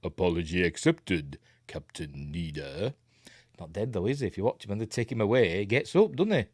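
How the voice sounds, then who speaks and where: A man's voice: lowish voice, sing-song, very fast, a little mellow, dry recording, clean studio sound. A tired man with a Yorkshire accent hosts a casual live news stream, rambling, breaking off mid-sentence and laughing often.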